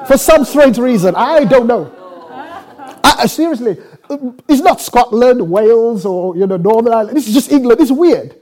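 Animated, mellow-voiced preacher man. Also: very high voice. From South Africa. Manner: animated, acts out dialogue with quick laughs. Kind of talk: sermon storytelling.

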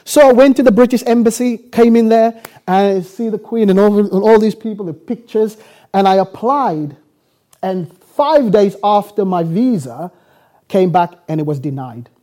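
A man from South Africa preaching with a lively, swooping delivery. His voice is mellow and soft-edged, and he acts out conversations with quick laughs as he tells his story. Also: high-pitched. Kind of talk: sermon storytelling.

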